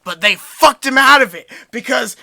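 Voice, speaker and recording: A man's voice: very high-pitched, expressive, moderate pace, creaky, bright, forceful tone. A young man co-hosting a podcast, telling a long story animatedly and laughing along the way. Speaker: podcast co-host. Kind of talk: casual storytelling.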